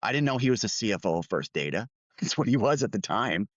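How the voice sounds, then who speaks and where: A man's voice: fairly low pitch, very animated, quick pace, no echo, lo-fi sound. A middle-aged man co-hosting a podcast, candidly telling a workplace story with quoted dialogue. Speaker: podcast co-host.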